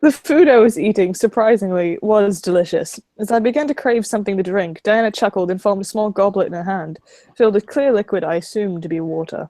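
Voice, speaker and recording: A woman's voice: medium pitch, a little fast, mellow, dry recording. A woman streamer reading first-person visual novel narration aloud on a close home mic.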